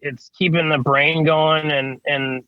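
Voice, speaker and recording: Slow and smooth, with a flat delivery, this fairly high male voice comes through dull audio with no room sound. An HVAC service tech appearing as a podcast guest, he rambles through casual interview stories, swearing offhandedly and saying "you know what I mean" a lot.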